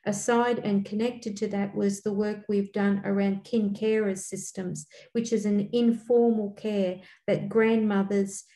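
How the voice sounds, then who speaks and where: An older woman, speaking earnestly as a community elder on a panel, pausing often with fillers. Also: mid-range voice, little pitch movement, mellow. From Australia. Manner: earnest, halting, with frequent fillers. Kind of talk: panel talk. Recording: echoey room.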